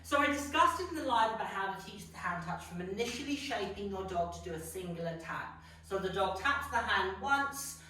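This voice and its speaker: A woman, a dog trainer explaining each step of a training method clearly, one step after another. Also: mid-range voice, animated, moderate pace, sharp tone. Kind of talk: instructional demonstration. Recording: echoey room, distant mic, faint noise.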